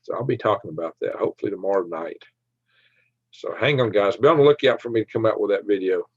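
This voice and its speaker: A man with a Southern twang hosting a casual livestream, talking quickly, joking and laughing often as he reads viewer comments. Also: lowish voice, animated, slightly rough, no echo. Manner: fast talker, laughs often, jokey. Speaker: livestream host. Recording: dry, dull lo-fi stream audio.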